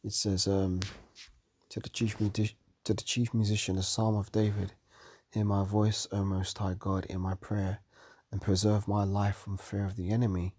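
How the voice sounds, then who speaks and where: A tired man teaching from the Bible late at night, reading verses aloud and commenting on them slowly. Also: lowish voice, flat delivery, dark tone, dry recording. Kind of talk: scripture study talk.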